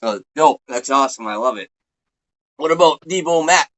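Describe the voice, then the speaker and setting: A man hosting a casual interview, laid-back and quick to laugh. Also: medium pitch, lively intonation, fairly bright tone, lo-fi sound. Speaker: interview host.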